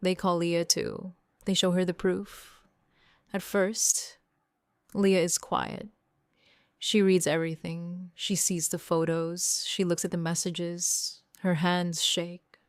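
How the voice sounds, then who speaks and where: Female narrator, graded reader for learners; very slow, lower pitch, short plain sentences. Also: flat delivery, smooth, dry recording, clean studio sound. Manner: short simple sentences, evenly read. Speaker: audiobook narrator.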